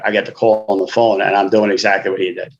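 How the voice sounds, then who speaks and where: A man's voice: fairly low pitch, little pitch movement, fast talker, muffled recording. A man, a guest author telling his life story frankly in casual conversation, often saying "you know".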